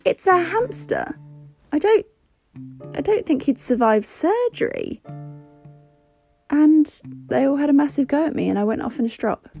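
A young woman hosting a podcast, telling a story in a candid, casual way, with swearing and an animated lift when she retells what was said. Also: high-pitched, moderate pace, creaky, pauses often, faint music behind. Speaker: podcast host.

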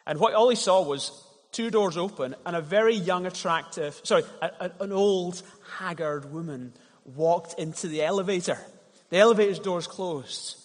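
Male pastor, slightly high voice, conversational sermon with story illustrations, recorded in a reverberant church hall. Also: moderate pace. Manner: conversational storytelling, repeats words when starting a thought.

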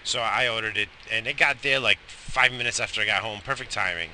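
A man's voice: on the low side, brisk, sharp tone, a little hiss or hum. A middle-aged man, tired and coughing, rambling profanely in a casual morning vlog. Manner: profane, rambling, loose and chatty. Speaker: vlogger.

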